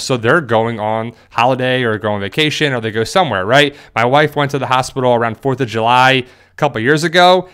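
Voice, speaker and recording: A middle-aged man talks casually to his viewers. His voice is smooth and clear at a middle pitch, and he rambles easily from one story to the next. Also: fairly bright tone. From New Jersey. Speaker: YouTuber. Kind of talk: casual talking-to-camera vlog.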